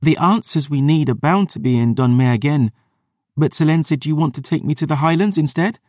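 A stubborn, sharp-tongued teenage girl, put on by a male narrator for an audiobook, her voice lifted well above his natural register. She snaps back with scornful, quick retorts and bristles at being told what to do. The recording is close and dry. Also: on the high side, no room sound, voice pushed up, natural voice. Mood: earnest. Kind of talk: audiobook character voice.

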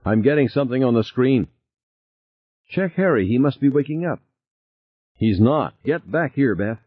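A man voicing an anxious, irritable male psychologist, insistent and edgy, in a husky voice. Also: medium pitch, lively intonation, normal speed, dry recording, voice pushed up. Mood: alarmed. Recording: tinny lo-fi recording.

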